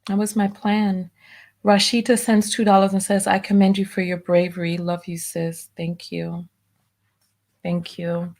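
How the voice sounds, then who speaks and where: A woman hosting a live stream, reading out viewer donation messages and softly thanking each one. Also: mid-range voice, completely flat delivery, unhurried. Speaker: livestream host.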